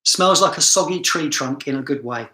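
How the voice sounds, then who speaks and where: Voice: mid-range voice, moderate pace, pushed and bright, roomy sound. A fragrance reviewer with a southern English accent, chatting through a live stream in a self-mocking way and laughing often.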